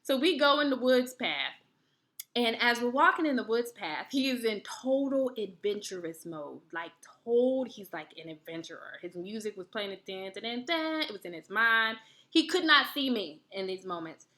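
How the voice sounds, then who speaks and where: A woman hosting a wellness video, giving advice through chatty, animated personal stories. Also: on the high side, moderate pace. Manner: chatty and animated, laughs while telling stories. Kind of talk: storytelling advice talk.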